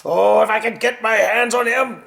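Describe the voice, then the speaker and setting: A fuming puppet king, played by a man, huffs and shouts in blustering bursts between heavy sighs. His voice jumps up high whenever his temper flares. He is a comic king from a children's puppet show. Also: fairly even intonation, slow pace, gravelly, full character voice. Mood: furious. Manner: huffing, blustering outbursts.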